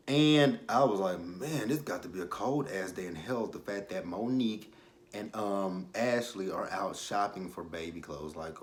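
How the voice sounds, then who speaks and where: Recapping a reality show, a young man chats candidly and rambles, his somewhat low voice often drifting off into quiet asides.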